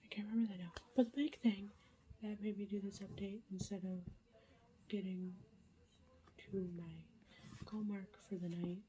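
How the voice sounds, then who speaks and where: A woman's voice: mid-range voice, fairly even intonation, moderate pace, pauses often, dark tone, a little hiss or hum, rough recording. A woman whispering a casual late-night reading vlog update, chatty and full of ums and likes. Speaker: book vlogger.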